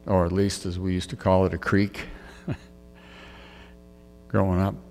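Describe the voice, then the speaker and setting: A low, gravelly male voice speaking very slowly and thoughtfully. He reflects aloud in a relaxed sermon, and his voice trails off into a long hall reverb. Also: soft background music. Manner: reflective storytelling, musing aloud. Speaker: preacher. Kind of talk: conversational sermon.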